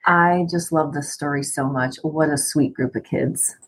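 Husky, deep-voiced woman co-host. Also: unhurried, low-quality recording. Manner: warmly supportive, affirming listener. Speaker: podcast co-host. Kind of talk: casual podcast chat.

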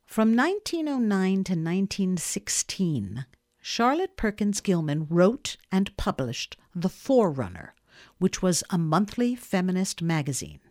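A woman giving a dramatic first-person reading of a short story, moving between hushed and intense. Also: on the low side, very animated, measured pace. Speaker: audiobook narrator.

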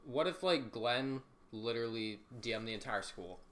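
A man's voice: mid-range voice, animated, moderate pace, fairly bright tone, slight background noise. A young man co-hosting a podcast, chiming in with hyped, slangy banter. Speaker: podcast co-host.

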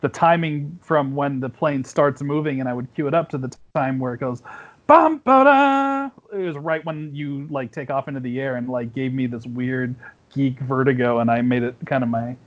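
A man's voice: medium pitch, flat delivery, moderate pace. Rambling male guest, slightly dull sound. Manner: rambling anecdote with restarts and fillers. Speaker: podcast guest. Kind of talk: casual podcast chat.

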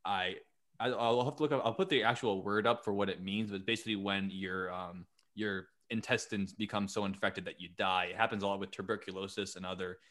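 Male podcast host, lively storyteller, swears, acts out quotes. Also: low-pitched, brisk. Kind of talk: casual chat.

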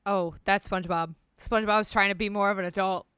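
A woman playing a casual quiz game, making quick guesses and laughing a lot. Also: medium pitch, fairly even intonation, a bit bright, smooth, no echo, studio quality. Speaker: quiz player.

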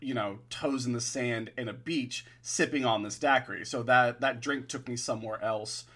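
A man's voice: mid-range voice, normal speed, fairly bright tone. A man who works as a bartender, a guest on a podcast, telling an easygoing story in casual chat.

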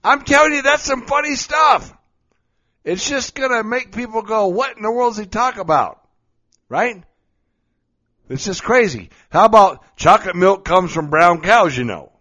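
A man's voice: sits high, expressive, normal speed, bright, forceful tone. A middle-aged man talking casually and playfully, joking and laughing often as he gives advice on being goofy. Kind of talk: casual monologue. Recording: dull lo-fi recording.

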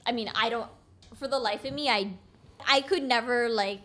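Blunt, animated young woman telling stories. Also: on the high side, moderate pace. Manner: blunt, animated storyteller acting out dialogue. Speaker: podcast guest, construction taper. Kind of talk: casual podcast chat.

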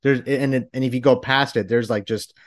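A man's voice: medium pitch, fairly even intonation, brisk. Rambling man hosting a podcast. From Texas. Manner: rambling, many restarts and fillers. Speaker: podcast host. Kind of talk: casual interview chat.

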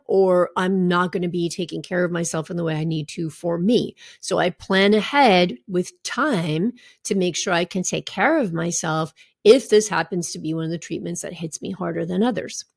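Gravelly-voiced woman coach, candid talk. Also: on the low side, moderate pace, few pauses, no room sound, clean studio sound. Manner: warm, candid, conversational with asides and laughs. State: recovering from a draining treatment. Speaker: health coach. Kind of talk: casual personal talk to followers.

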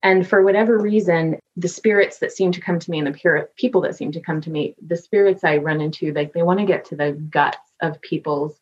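A woman's voice: low-pitched, fairly quick, hardly any pauses, husky, highs cut off. A woman working as a medium, telling stories in an interview and acting out voices as she goes. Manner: animated storyteller, acts out voices. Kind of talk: podcast interview.

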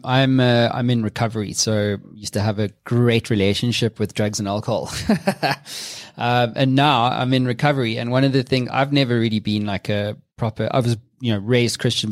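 A man's voice: on the low side, steady tone, fairly quick, no echo, studio quality. A man hosting a podcast, talking in a hesitant, reflective way with many fillers. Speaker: podcast host. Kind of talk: casual podcast conversation.

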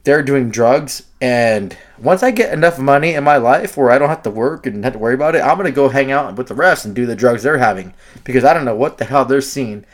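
A man co-hosting a sports podcast, talking in an excitable, profane, rambling way with many restarts. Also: medium pitch, fairly quick. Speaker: podcast co-host. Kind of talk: heated sports talk.

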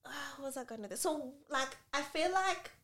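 A woman with a high, brisk voice co-hosts a podcast, chatting casually and telling stories in an animated, expressive way, full of asides. The room has an echo.

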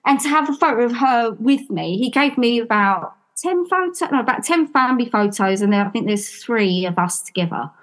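A woman's voice: on the high side, fairly quick, hardly any pauses. A woman from London, a podcast guest, telling her story casually and acting out the dialogue. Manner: animated, acts out quoted dialogue.

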